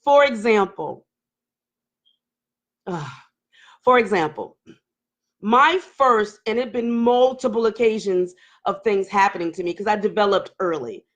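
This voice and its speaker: A woman's voice: medium pitch, animated, a little slow, pauses often, fairly bright tone, muffled recording. A woman in her forties hosting a candid live-stream talk, speaking emotionally and laughing nervously as she opens up. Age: 40s. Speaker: host.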